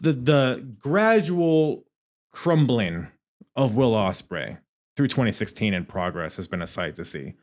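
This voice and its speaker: Man, low voice, very animated pitch, casual podcast chat, swearing, laughing asides. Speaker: podcast host.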